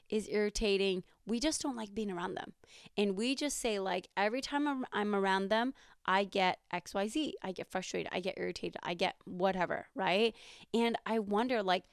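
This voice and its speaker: A woman's voice: mid-range voice, no echo, clean studio sound. A woman in her thirties hosting a podcast, talking casually with lots of fillers and rhetorical questions. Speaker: podcast host.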